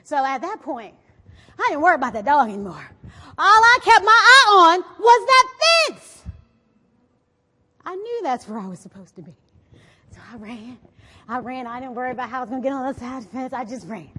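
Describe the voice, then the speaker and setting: Female motivational speaker, high voice, lively stage storyteller, big reverberant hall. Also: brisk, pauses often, breathy edge. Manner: animated, often asks the audience "right?". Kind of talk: inspirational stage talk with storytelling. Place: on a stage before an audience.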